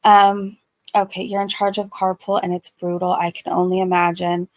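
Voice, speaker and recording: A woman hosting a casual livestream, reading chat comments aloud and answering them in an earnest, soft-spoken way with many ums and likes. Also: lowish voice, little pitch movement, moderate pace, no room sound. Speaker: YouTube commentary host reading live chat.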